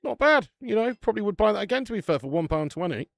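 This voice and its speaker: A man's voice: high-pitched, sing-song, fast, vocal fry, no room sound. A man hosting a casual football watch-along stream, chatting with the live chat and swearing casually.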